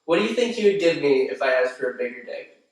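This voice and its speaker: A man's voice: a little high, very animated, fast talker. A young man appearing as a guest on a casual comedic film review, bantering in a joking, crude way. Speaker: guest co-host. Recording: very echoey room, distant mic.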